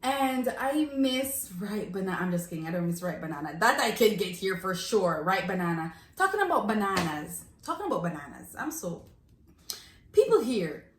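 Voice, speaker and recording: Lively Jamaican woman reminiscing, echoey room. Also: mid-range voice, moderate pace. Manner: animated, laughing, reminiscing storyteller. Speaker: vlogger. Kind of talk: casual chat. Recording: echoey room, faint noise.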